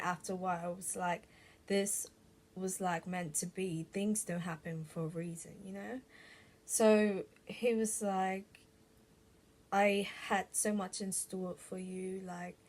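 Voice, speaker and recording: A young woman telling a personal story to camera in a casual vlog, halting and full of "like" and restarts. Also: medium pitch, fairly even intonation. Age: young adult. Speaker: vlogger.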